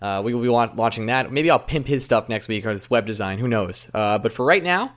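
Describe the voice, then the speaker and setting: A young adult man hosting a casual sports podcast, joking and bursting into loud excited outbursts. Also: medium pitch, a little fast. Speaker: podcast host.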